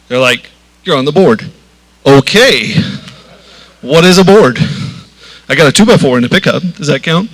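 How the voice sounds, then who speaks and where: A man's voice: mid-range voice, fairly bright tone. A man, introducing a speaker at a live event in a joking, folksy, chatty way. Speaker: board member introducing the speaker.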